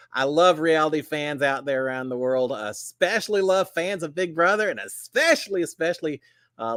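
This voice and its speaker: A man's voice: fairly high pitch, fairly bright tone, dry recording. A man hosting a casual live stream, folksy and chatty, greeting viewers by name. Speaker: livestream host.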